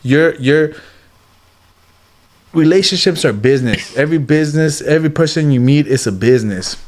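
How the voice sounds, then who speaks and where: A man's voice: fairly high pitch, moderate pace. A man as an interview guest, talking in casual street slang, bluntly and animatedly, dropping "bro" and "like" all the time. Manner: animated storytelling, acts out quotes.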